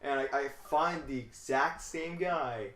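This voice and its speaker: A man's voice: medium pitch, unhurried, fairly bright tone, slight background noise. A man hosting a late-night podcast, telling stories casually with lots of swearing and stammering restarts. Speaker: podcast host. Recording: echoey room.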